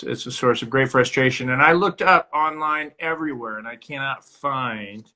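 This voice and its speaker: A man's voice: medium pitch, bright, forceful tone, a little hiss or hum. A man hosting his own casual livestream from home on a phone, rambling and chatty, now and then scolding his barking dog. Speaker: host of his own live stream.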